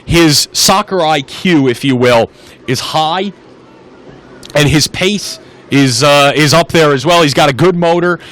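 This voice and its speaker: A man's voice: fairly high pitch, a bit bright. A man doing play-by-play commentary on a live soccer match, switching between calling the action and chatting with his partner.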